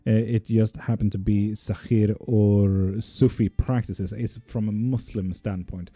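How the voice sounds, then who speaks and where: A man reading tarot live and answering viewers' chat questions, relaxed and casual, with the odd swear word. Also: on the low side, measured pace, no room sound, studio quality. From not Swedish.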